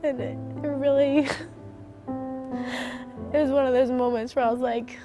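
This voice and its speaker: Woman interviewee, documentary storytelling, acts out dialogue, clear music bed beneath. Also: high-pitched, moderate pace, pauses often. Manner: animated, acts out remembered dialogue, laughs through emotion. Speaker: former gymnast interviewee.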